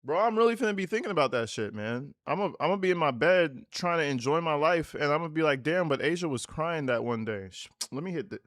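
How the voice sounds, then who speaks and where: Male streamer, profane mocking reaction rants, slangy talk, slightly high voice, dry close sound. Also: lively intonation, fast talker, few pauses, fairly bright tone, no room sound. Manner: slangy, casual. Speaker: livestream host. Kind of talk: livestream reaction commentary.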